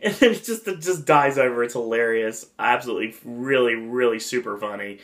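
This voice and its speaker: A man with a mid-pitched, everyday voice talks through a review in casual podcast style. He rambles excitedly and piles on "um," "uh," and "like" as he goes. He speaks as the show's host. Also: normal speed, hardly any pauses. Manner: rambling, enthusiastic, many fillers. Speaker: podcast host reviewing a theme park event.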